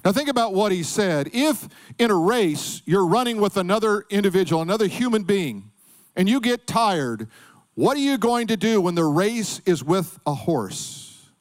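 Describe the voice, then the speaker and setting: A man's voice: high-pitched, lively intonation, normal speed. A middle-aged man preaching a sermon, emphatic, calling on the congregation to answer back. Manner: emphatic preaching with call-and-response. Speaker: pastor.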